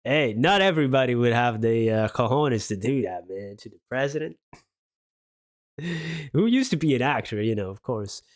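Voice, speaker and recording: A man's voice: medium pitch, normal speed, no room sound. A man from Belgium hosting a reaction video, chatting casually into a close microphone and tossing in "man" and "hey.". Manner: relaxed, chatty, says "man" and "hey" a lot.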